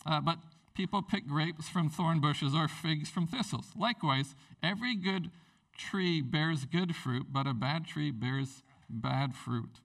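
Animated male preacher, gravelly and bright. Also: a little slow, far from the mic, rough recording. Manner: animated, rambling, jumps pitch for emphasis. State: tired. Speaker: pastor. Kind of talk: sermon.

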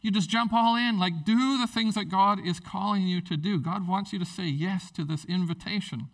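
A pastor preaching a sermon in a church, animated and jokey, acting out characters as he goes. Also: high voice, normal speed, distant mic.

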